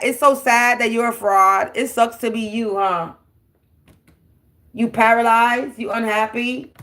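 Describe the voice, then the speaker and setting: A woman's voice: on the high side, fairly bright tone. A woman, giving a brash, profane, taunting spiritual tarot monologue. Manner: taunting, repetitive, defiant.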